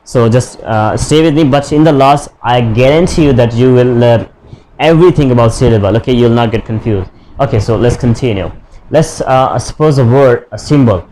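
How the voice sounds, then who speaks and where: A man's voice: mid-range voice, dark tone, slight background noise, poor audio. Man teaching a lesson. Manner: explains slowly with many fillers and restarts. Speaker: English teacher. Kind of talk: online English lesson.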